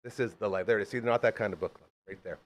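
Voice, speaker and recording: Fast-talking excitable male podcast host. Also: fairly low pitch. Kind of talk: casual chat.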